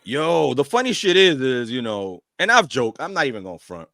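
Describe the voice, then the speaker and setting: A man co-hosting a reaction show, talking casually in lively slang. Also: medium pitch, fairly quick, gravelly, no room sound, clean studio sound. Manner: lively, slangy, laughs often.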